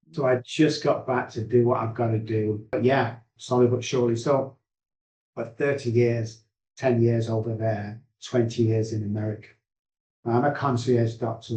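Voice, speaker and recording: A man's voice: mid-range voice, mellow, muffled recording. A man, an addiction specialist earnestly telling his life story in rambling, heartfelt sentences. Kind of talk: emotional personal storytelling. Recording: roomy echo.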